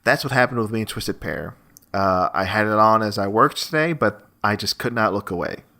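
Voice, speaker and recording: Lively, bright-voiced laughing man. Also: on the low side, fairly quick. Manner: animated, laughing storyteller. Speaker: podcast co-host. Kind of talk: casual film podcast chat.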